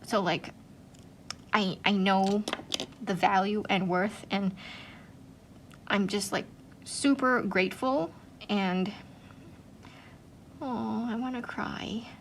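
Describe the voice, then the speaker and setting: A woman's voice: mid-range voice, takes it slowly, long pauses, slight background noise. A woman hosting an art channel, gushing in casual chat, full of "like" and "um" fillers. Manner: chatty, gushing, many "like" and "um" fillers.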